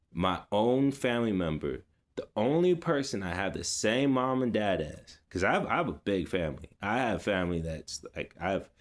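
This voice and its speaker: Addressing his audience directly, a vlogger with a fairly low voice tells personal stories in a loose, casual style. He rambles, restarts often, leans on fillers, and slips in relaxed street slang.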